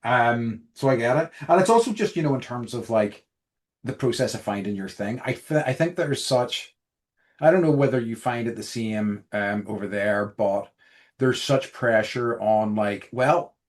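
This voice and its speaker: A man's voice: mid-range voice, moderate pace. A man hosting a podcast, opening the show and chatting casually with his co-host. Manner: relaxed, encouraging, brief backchannel replies. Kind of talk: casual chat.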